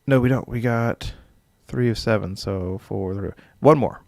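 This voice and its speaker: A young man casually hosts a live stream as dungeon master, rambling with filler words and chuckling as he reads viewer comments. His voice is lowish and gravelly, his delivery unhurried, and the studio sound clean with no echo.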